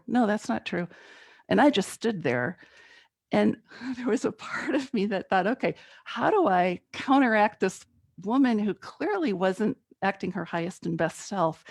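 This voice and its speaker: Gravelly-voiced woman telling a sermon story. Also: lowish voice, no room sound. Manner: animated storytelling, laughing at herself. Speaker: guest speaker. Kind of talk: conversational sermon with personal story.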